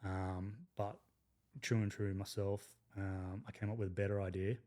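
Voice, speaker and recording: An Australian man in his thirties, a podcast guest and army veteran, telling crude, lively stories in a casual way. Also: low-pitched, normal speed. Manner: crude, swearing, lively anecdotes with frequent "like". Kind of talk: casual storytelling.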